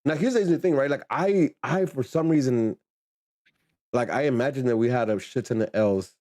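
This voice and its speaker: A man's voice: mid-range voice, brisk, no echo, clean studio sound. Man met droge stem, ontspannen host. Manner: relaxed, repeats words, laughs easily. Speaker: podcast host. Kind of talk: casual chat.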